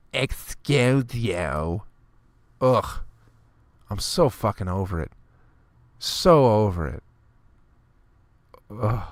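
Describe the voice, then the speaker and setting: A man's voice: fairly low pitch, dry recording. A man hosting a solo comedy podcast, ranting with constant profanity and exasperation, now and then mimicking people in a snooty clipped voice. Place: on tour, recording alone.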